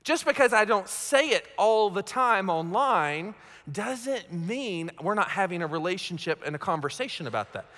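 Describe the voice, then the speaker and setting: Sitting high in pitch, this man's voice has lively intonation, a moderate pace, and a sharp tone. Preaching as pastor, he keeps things conversational and pokes fun at himself, often checking in with listeners; the sound has long hall reverb.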